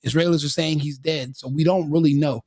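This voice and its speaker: A man's voice: on the high side, steady tone, fairly quick, warm tone, no echo, studio quality. A man hosting a live stream, giving opinionated commentary full of rhetorical questions and repeated restarts. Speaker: streamer host.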